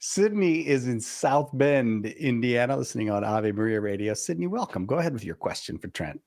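A man's voice: medium pitch, sing-song, normal speed, creaky, darkish tone. A man hosting a Catholic radio call-in show, dry and teasing as he introduces callers. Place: radio studio.

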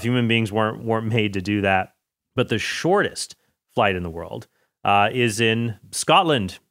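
A man's voice: on the low side, a bit bright, clean tone, no room sound, clean studio sound. A man hosting a casual solo podcast, rambling through facts with jokey, self-deprecating asides. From United States. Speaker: podcast host.

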